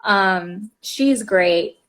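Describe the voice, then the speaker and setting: A woman's voice: mid-range voice, drawn-out words. A young woman in her twenties hosting a casual video chat, telling stories in a chatty way. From Texas, USA. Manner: chatty, storytelling with quoted voices and laughs. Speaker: podcast host. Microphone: video call.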